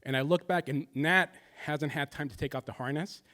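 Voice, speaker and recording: A man's voice: fairly high pitch, normal speed, a bit bright. A man in his thirties telling a personal stand-up story, confessional and shifting between jokes and somber moments. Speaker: stand-up comedian.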